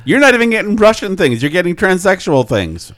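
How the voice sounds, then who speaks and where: A man's voice: sits high, big pitch swings, brisk. A man in a casual podcast chat trading short, teasing quips, on a noisy mic. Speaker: podcast co-host.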